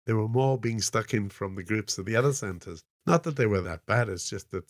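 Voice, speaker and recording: A man's voice: fairly low pitch, lively intonation, brisk, no echo, studio quality. A man in his sixties with a South African accent, telling rambling stories as a podcast guest. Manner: rambling, frequent "you know" fillers. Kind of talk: casual anecdotal storytelling.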